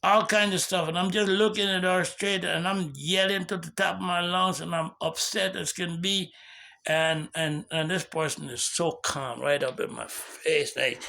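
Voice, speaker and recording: A man's voice: high-pitched, steady tone, normal speed, gravelly, pushed and bright. A man telling a personal story as a sermon, in an earnest, conversational way with many restarts. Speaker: preacher giving a testimony. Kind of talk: sermon-style personal testimony.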